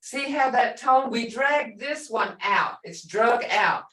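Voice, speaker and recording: A woman with a fairly high, animated and slightly bright voice teaches an online language class, sounding reverberant and distant. She goes slowly and patiently, repeating each word and stretching it out so its tone comes through.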